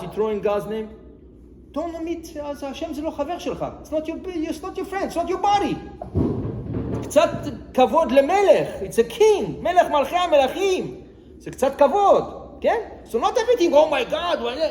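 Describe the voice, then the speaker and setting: A man, a rabbi, teaching a lively Torah lesson, putting questions to his listeners and mixing in Hebrew phrases. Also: very high voice, fast talker. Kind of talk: animated Torah lesson to a small group. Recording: echoey room with long reverb, faint noise.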